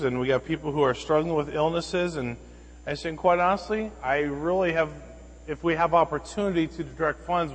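Animated preacher man in an echoey hall. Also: a little high, breathy edge. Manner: animated anecdotes, acting out quoted voices. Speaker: pastor. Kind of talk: sermon with storytelling.

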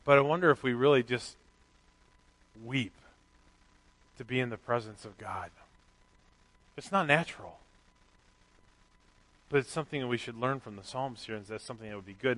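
Middle-aged guy preaching, bright tense voice, chatty and candid, pokes fun at himself. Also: medium pitch, a little fast, pauses often. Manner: candid, conversational preaching with self-deprecating asides. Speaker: pastor. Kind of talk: sermon.

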